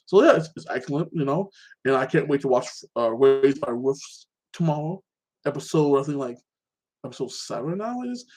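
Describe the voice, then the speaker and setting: Rambling excitable man chatting casually. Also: mid-range voice, moderate pace. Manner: rambling, keeps tagging "like that"; animated, excitable. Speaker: show host. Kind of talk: casual solo chat about TV shows and fights.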